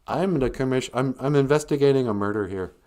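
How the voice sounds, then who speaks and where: A man's voice: mid-range voice, fairly quick, a little mellow, close to an everyday voice. Man doing an exasperated Commissioner Gordon. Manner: exasperated, matter-of-fact. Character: exasperated, practical middle-aged police commissioner.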